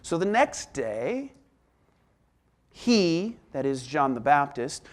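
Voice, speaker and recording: High-voiced, slow, deliberate male preacher. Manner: expressive, swings between emphatic exclamations and soft hushed asides. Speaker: pastor. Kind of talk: sermon.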